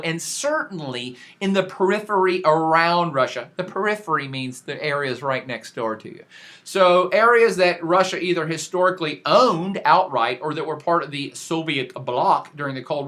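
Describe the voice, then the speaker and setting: Speaking at a moderate pace with a somewhat high pitch, this man lectures on global events like a professor on a casual podcast. His delivery is energetic and slangy, forceful, with lots of restarted sentences.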